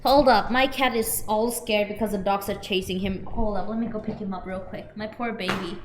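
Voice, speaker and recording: A woman's voice: mid-range voice, fairly even intonation, normal speed, background noise. A young woman streaming a dating game, reacting playfully and reading the dialogue aloud in casual commentary.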